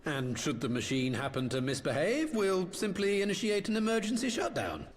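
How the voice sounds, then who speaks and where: Smug engineer, gloating, theatrical, high voice, lively pitch, game music. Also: male voice, moderate pace, a little hiss or hum. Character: smug male imperial engineer, gleeful.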